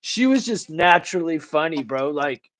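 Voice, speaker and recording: A man's voice: on the high side, expressive, normal speed, fairly bright tone. A man hosting a livestream in casual chat, rambling and slangy, calling people bro and dude. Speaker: livestream host.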